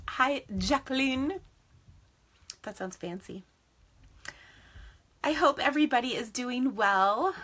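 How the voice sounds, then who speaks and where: A woman in her forties hosts a casual live stream, greeting viewers one by one. Her voice is bright, and she laughs easily as she chats. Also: sits high. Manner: chatty, greets viewers by name, laughs often. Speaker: craft business host.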